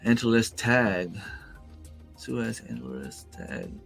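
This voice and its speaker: A man's voice: lowish voice, sing-song, takes it slowly, gravelly, music in the background. A man hosting a casual livestream from home, chatting with viewers and answering their comments in a rambling way, with lots of fillers and restarts. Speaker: livestream host. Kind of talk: casual live-chat reading comments. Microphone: desk microphone.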